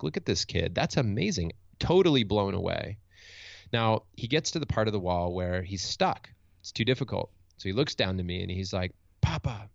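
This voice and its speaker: Man, motivational speaker, gravelly voice, dry close sound, dull lo-fi recording, candid storytelling. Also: low voice, no room sound. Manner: candid, thinks aloud with restarts and tag questions. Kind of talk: reflective storytelling in conversation.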